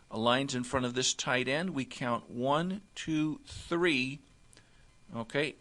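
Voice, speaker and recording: A man teaching football defensive alignment step by step, often pausing to check with "okay?". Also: on the high side, pushed and bright. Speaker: football coach. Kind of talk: instructional walkthrough.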